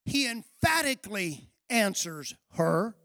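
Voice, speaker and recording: A man with an unusually high, gravelly voice preaches a sermon as a pastor. He tells the story with voices for its characters and builds to forceful, shouted emphasis. The sound is dry and close, with no room echo. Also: very animated, slow pace.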